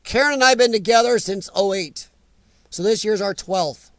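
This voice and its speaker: An American man with a fairly high voice hosts a casual live chat. He rambles and gets emphatic as he answers viewers by name, and his voice sounds close and dry, with no room echo. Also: normal speed. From United States. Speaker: livestream chat host.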